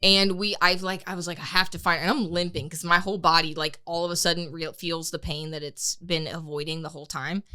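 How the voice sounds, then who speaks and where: A young woman co-hosting a podcast, telling a story in a casual, animated way, swearing freely and laughing as she goes. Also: on the low side, a little fast, hardly any pauses, clean tone. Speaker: podcast co-host.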